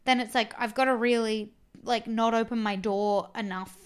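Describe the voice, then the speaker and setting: Young Australian woman, podcast co-host, smooth, slightly high voice, rambling casual chat. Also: fairly even intonation, moderate pace. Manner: rambling, chatty, trails off into soft asides.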